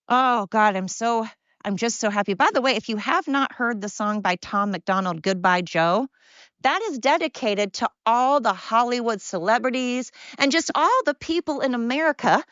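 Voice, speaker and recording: Excited, brash woman podcaster. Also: a little high, moderate pace, no room sound, muffled recording. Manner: swears freely. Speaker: podcast host. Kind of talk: casual monologue.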